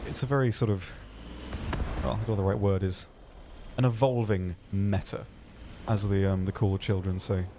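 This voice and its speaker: A low-voiced man co-hosting a game stream, talking in a laid-back way with dry humor. He is hesitant and leans on fillers, over a faint hum of ambience. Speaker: stream co-host. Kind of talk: live gameplay stream commentary.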